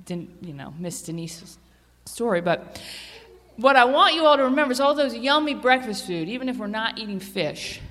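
A woman giving a children's sermon, chatty and animated, asking the kids questions as she tells a story. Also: a little high, normal speed. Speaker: children's church teacher. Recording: long reverb of a hall.

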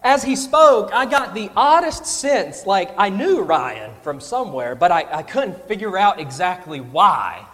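Young male preacher, high voice, animated storyteller, echoing church hall. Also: measured pace, few pauses. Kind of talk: sermon with a personal story.

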